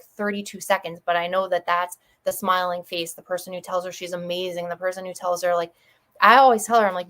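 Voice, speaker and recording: A woman from Connecticut chats as a broadcast guest, rattling through her patient stories at a quick clip. She talks in a warm, effusive rush, with a mid-range voice for a woman. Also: medium pitch, vocal fry. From Connecticut, USA. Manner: fast-talking, chatty, effusive. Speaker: chiropractor guest. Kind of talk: casual storytelling on a broadcast.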